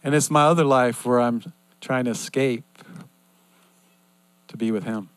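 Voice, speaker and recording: An older man preaching a sermon in an earnest, repetitive cadence that swings between loud and hushed. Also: medium pitch, unhurried, clean tone, no echo.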